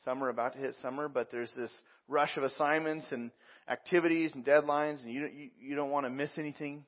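A man's voice: mid-range voice, fairly even intonation, brisk, muffled recording. A man preaching a sermon as a pastor, talking conversationally with frequent repeats and fillers.

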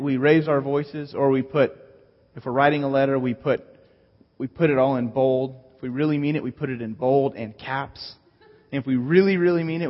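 A man preaching a sermon, teaching earnestly and slowing down to read scripture aloud. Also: medium pitch, slightly rough. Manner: earnest teaching, reads scripture slowly, repeats words. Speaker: pastor. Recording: dull sound with long hall reverb.

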